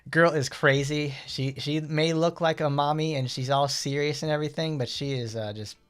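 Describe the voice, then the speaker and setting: A man giving casual gameplay commentary as a streamer, rambling, excitable and often correcting himself. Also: fairly high pitch, normal speed, clean tone. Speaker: gaming streamer.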